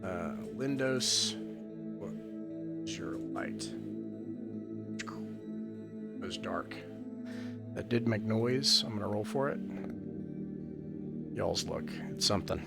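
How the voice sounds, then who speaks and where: Gravelly male game master, halting. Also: lowish voice, huge pitch swings, over loud music. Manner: casual, halting, many fillers. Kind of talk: narrating a tabletop game online. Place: home setup on an online call.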